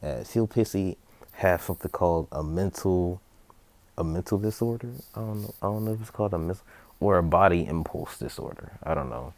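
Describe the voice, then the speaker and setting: Low-pitched man, rambling improvised storyteller, lots of fillers and restarts, dry close mic. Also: brisk, gravelly, dry recording. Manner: rambling, full of fillers and self-corrections. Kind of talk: improvised fan-story narration.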